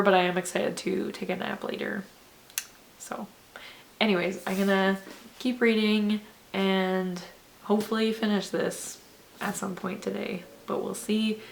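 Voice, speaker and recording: Exhausted and drowsy, a young book vlogger chats casually in a medium-pitched, gravelly, fairly bright voice. Her talk wanders, heavy on "like" and broken up by frequent laughter.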